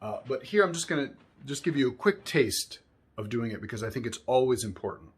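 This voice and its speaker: A man giving a spoken music lesson, explaining calmly between sung examples, with violin playing behind him. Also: medium pitch, slightly rough. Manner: unhurried, explanatory, breaks into singing syllables. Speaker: music teacher.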